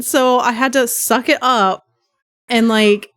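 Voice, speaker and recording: A young woman livestreaming, telling a chaotic story in a rambling, profane, animated way, with a stuffy nose from sneezing. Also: fairly high pitch, slow. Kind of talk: casual chat.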